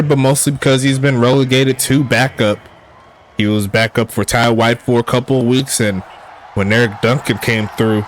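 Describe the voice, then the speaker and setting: A man calling a simulated football game play by play in a relaxed streaming style, joking with chat and rising on big plays. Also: medium pitch, moderate pace, a little hiss or hum. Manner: laid-back, laughs at jokey player names, excitable on big plays. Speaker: play-by-play commentator. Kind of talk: casual sim football commentary.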